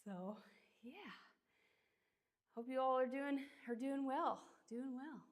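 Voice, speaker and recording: A woman's voice: high voice, slow pace. A young woman streaming her workout, out of breath, chatting casually and greeting viewers by name between exercises. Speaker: fitness streamer.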